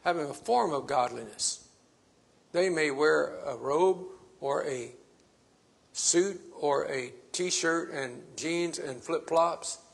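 A man's voice: on the high side, slow, creaky, husky. A man preaching a sermon, stressing his points by repeating phrases.

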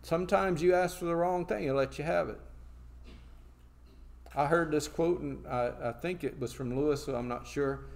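A man preaching a sermon, reading scripture slowly and then explaining it in plain talk, asking and answering his own questions. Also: a little high, creaky, a little mellow.

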